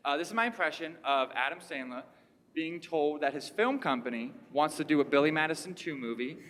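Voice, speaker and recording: A man doing stand-up comedy on a theater stage, animated and laughing at his own jokes. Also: on the high side, brisk. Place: historic theater stage with live audience. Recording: theater hall reverb.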